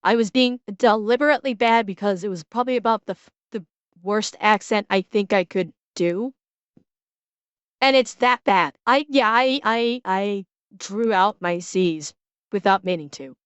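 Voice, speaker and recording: Blunt, smooth-voiced woman streamer. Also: medium pitch, measured pace, long pauses, no echo, dull audio. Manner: blunt, swears freely, frequent restarts. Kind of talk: casual stream reaction.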